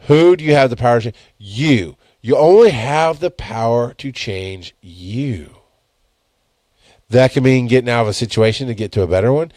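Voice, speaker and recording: A man's voice: medium pitch, a little mellow, dry recording. Man, 30s, podcast host; profane, candid, rambling monologue into a dry close mic. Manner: blunt and profane, rambling with self-corrections. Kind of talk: casual solo podcast monologue. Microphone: headphones and studio mic.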